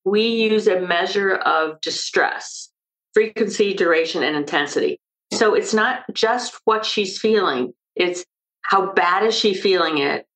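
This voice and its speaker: An older woman, an expert guest on an interview podcast, explaining emphatically and telling lively stories. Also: medium pitch, measured pace, low-quality recording. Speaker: maternal mental health expert guest.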